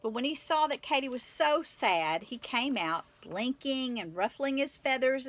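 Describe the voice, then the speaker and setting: Woman, storyteller, children's book reading, expressive, fairly high, bright. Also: normal speed, few pauses, no room sound. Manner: expressive, animated.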